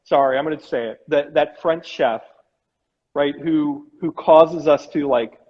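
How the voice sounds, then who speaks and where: A man's voice: on the high side, measured pace. A man who is a chef hosting a casual live-stream interview, talking conversationally and often ending his thoughts with "right?". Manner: conversational, frequent "right?" tag. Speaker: chef and host. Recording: dull, echoey remote live-stream audio.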